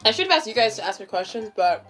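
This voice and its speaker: A woman's voice: medium pitch, very animated, fast talker, a bit bright, soft background music. A young woman hosting a casual chat, rambling and giggly with lots of "like". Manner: giggly, rambling, heavy use of "like". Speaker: channel host. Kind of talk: casual stoned mukbang chat.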